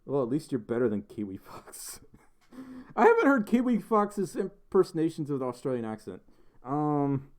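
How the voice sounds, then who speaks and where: A man's voice: a little high, sing-song, normal speed, a little mellow. A man with a slight Southern accent from Mississippi, chatting casually on a livestream and reading out chat comments, rambling and self-deprecating with lots of fillers. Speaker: livestream host.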